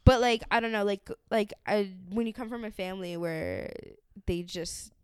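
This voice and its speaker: A woman's voice: medium pitch, moderate pace, a little mellow, smooth, no room sound, studio quality. A woman co-hosting a podcast in casual chat, laid-back, swearing often and laughing a lot. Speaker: podcast co-host.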